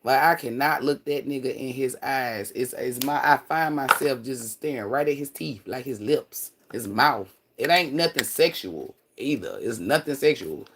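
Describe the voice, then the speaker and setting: A man chatting casually on a livestream, rambling and profane, swinging between loud excited bursts and low mutters. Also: normal speed, few pauses, background noise. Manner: profane, slangy, laughs often. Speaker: livestream host.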